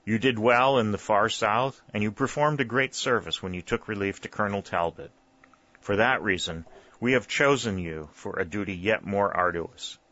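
A smooth, flattering general speaks in soft, coaxing tones, as a man reads him aloud. The voice sits low with a bright edge, heard on a dull, lo-fi audiobook recording. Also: moderate pace. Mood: persuasive. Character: Confederate general, persuasive and flattering.

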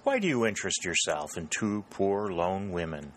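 A man voicing a proud, pale young woman who is cool and guarded, in a measured, reserved way in a read-aloud story. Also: sits low, sing-song, a little hiss or hum. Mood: agitated.

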